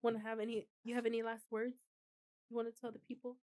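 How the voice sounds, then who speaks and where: A woman's voice: fairly high pitch, flat delivery, fast talker, darkish tone. A woman in her thirties co-hosting a podcast, chatting casually, laughing often and swearing freely. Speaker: podcast co-host. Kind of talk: casual chat.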